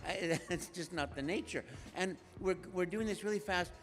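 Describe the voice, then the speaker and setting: Animated older man on a big stage. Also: high voice, normal speed. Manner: animated, playful, slips into character voices. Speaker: guest voice actor. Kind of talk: live stage Q&A storytelling. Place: live stage at a convention.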